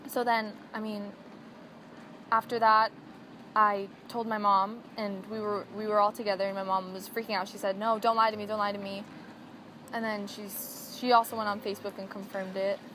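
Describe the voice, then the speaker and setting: A woman speaks in an even, flat tone about discovering her friend's death in a documentary interview. She is hesitant and subdued, pausing often. Background noise is clearly present. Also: mid-range voice. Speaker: friend of the deceased. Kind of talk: documentary interview, recounting a loss. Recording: noisy interview recording.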